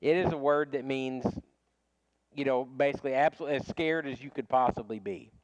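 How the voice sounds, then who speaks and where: A man's voice: mid-range voice, brisk, no echo, rough recording. A man teaching a casual Bible study class, talking conversationally with frequent restarts and small chuckles.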